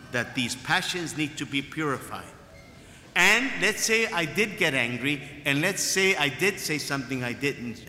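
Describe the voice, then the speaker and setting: Bright, lively-voiced preaching man. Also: on the high side. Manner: emphatic preaching with repeated phrases. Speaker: priest. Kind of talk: sermon. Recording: echoey hall with long reverb.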